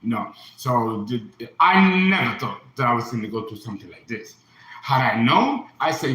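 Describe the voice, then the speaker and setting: A man's voice: mid-range voice, big pitch swings, moderate pace, pushed and bright, echoey room, rough recording. A man in his fifties speaking in an earnest, impassioned personal monologue, often repeating himself. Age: 50s. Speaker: astrologer and occult teacher.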